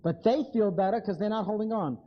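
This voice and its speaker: A man's voice: sits high, brisk, lo-fi sound. A man giving a live lecture, blunt and wry, speaking straight to his audience.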